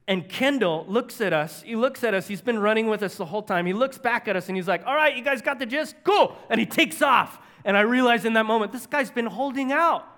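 A man's voice: high-pitched, brisk, hardly any pauses, pushed and bright. A man preaching a sermon as a humorous, self-deprecating story. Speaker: pastor.

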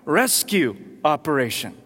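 A man in his thirties preaching a sermon, telling a personal story with animated delivery. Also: fairly high pitch, a little slow. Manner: storytelling, animated, with loud acted outbursts. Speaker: pastor. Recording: long hall reverb.

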